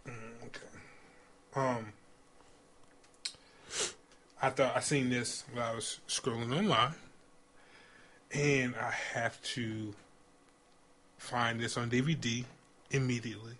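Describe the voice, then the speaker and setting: A man's voice: mid-range voice, level tone, a little slow, long pauses, fairly bright tone, slight background noise. Chatty, enthusiastic man podcast host. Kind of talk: casual chat.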